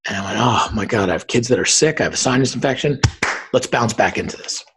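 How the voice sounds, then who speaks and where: A man in his forties, a podcast guest, telling his story with lively acted-out dialogue. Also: medium pitch, fast talker, noisy background. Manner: animated storyteller acting out quoted dialogue. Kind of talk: storytelling in an interview.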